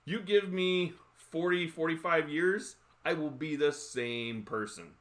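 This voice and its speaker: Bright-voiced, animated man in his thirties. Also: a little high, takes it slowly. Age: 30s. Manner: animated, laughs often, acts out quotes. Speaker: livestream host. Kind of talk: casual storytelling chat.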